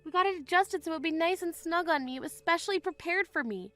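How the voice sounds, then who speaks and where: Indignant young bride voiced by a woman for a text-message drama; high, bright voice, faint music behind. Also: quick pace. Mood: upset. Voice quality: firm, indignant. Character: wronged, resolute young bride. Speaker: voice actor.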